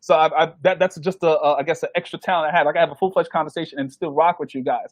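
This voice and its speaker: A man tells stories from his DJ career, slipping into quoted voices and laughing as he goes. His voice sits a little high for a man. The sound is dry and close, with no room in it. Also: very fast, dry recording. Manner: animated, acts out quoted voices, laughs often. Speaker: DJ guest. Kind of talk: casual interview storytelling.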